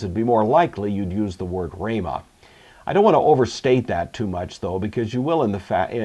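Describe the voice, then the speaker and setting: Low-voiced man teaching Greek grammar. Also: mellow, breathy edge. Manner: measured, explanatory, with occasional fillers. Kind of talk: recorded grammar lecture.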